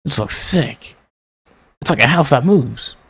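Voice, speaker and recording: Gravelly man reading comics aloud. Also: medium pitch. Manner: reads character lines in quick voices and laughs often; excited outbursts. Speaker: manga reader. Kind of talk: casual read-along with commentary.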